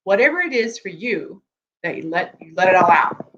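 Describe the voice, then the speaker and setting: Casual live-streaming coach who keeps asking "okay?", recorded dull with a low hum. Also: big pitch swings, moderate pace, a bit bright. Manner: chatty, rambling, keeps checking in with "okay?" and "right?". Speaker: dating coach for tech men. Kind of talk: live-stream advice talk. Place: room with geek collectibles behind. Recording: dull lo-fi sound with faint hum.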